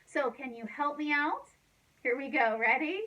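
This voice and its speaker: High, slow-speaking storytime librarian woman. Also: expressive, recorded from a distance, dull audio. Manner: gentle, coaxing, asks children to join in. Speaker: children's librarian. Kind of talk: children's storytime.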